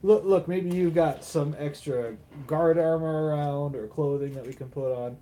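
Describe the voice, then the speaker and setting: A man's voice: a little high, moderate pace, dark tone, rough recording. A man playing a tabletop game, talking casually, hesitant and chuckling. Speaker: player.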